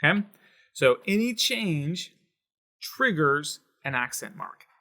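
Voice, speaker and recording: A man's voice: on the high side, sing-song, sharp tone. Man teaching Spanish stress rules. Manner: patient, explanatory, stresses syllables slowly. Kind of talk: whiteboard grammar lesson.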